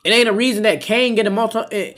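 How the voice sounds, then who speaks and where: Casual: dude on a phone live stream going off, heated and preachy, lots of cursing. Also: male voice, high-pitched, quick pace, fairly bright tone. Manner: impassioned, profane, preachy. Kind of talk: live stream reaction talk.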